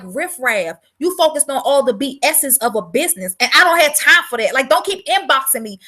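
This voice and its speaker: Woman, high bright voice, blunt profane livestream rant, fired-up and repetitive. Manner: repeats words for emphasis. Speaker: vlogger selling herbal products.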